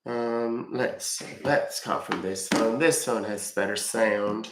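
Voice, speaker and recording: A man's voice: fairly low pitch, fairly even intonation, slow, fairly bright tone, a little hiss or hum. Folksy man chatting on a live stream. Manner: folksy, rambling, chatty with viewers. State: congested. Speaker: live-stream scambaiter host. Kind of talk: casual live-stream chat. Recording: roomy echo.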